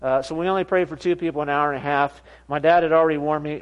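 A man's voice: fairly high pitch, quick pace, few pauses. A man preaching in a church, telling a story with laughs and acted-out quotes. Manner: animated, laughing storyteller who acts out quoted voices. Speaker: pastor. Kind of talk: sermon with storytelling. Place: church sanctuary.

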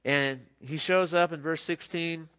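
A man's voice: a little high, fairly even intonation, measured pace, fairly bright tone, clean tone. A middle-aged man preaching a sermon in an earnest, conversational way, often restarting his sentences. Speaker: pastor.

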